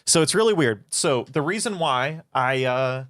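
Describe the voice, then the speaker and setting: Here the same kind of streamer, a man running a philosophy channel, answers chat on a livestream in a loose, rambling way full of profanity. He talks at a moderate pace in a mid-range, animated, slightly bright voice, with no room sound and clean studio audio.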